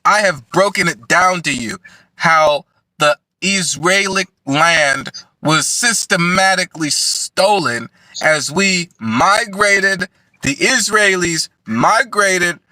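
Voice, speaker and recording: Bright, dry-voiced man trading crude jabs. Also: high-pitched, takes it slowly, dry recording. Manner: mocking, profane teasing. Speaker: livestream co-host. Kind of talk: casual crude banter.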